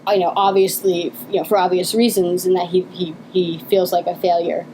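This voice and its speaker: A woman's voice: lowish voice, level tone, brisk, noisy background. Chatty woman with lots of fillers. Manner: chatty, many fillers and restarts, giggly. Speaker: co-host. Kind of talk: casual podcast commentary.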